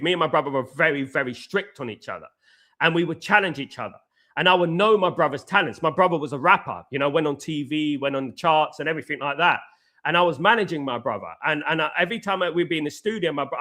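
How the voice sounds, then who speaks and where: A man's voice: on the high side, bright, forceful tone. Emphatic man ranting about football. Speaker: host. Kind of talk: casual live stream football talk.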